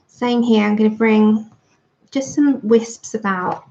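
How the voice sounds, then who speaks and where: Lady chatting on a colouring livestream, a bit higher voice with some fry, dull lo-fi sound. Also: slow pace. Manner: chatty, thanks viewers warmly by name. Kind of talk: casual livestream chat while colouring. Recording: dull lo-fi stream audio.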